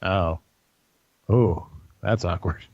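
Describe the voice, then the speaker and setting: A man's voice: deep voice, drawn-out words, dry recording, dull audio. A man hosting a casual gaming podcast, rambling and laughing often as he acts out quotes. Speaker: podcast host.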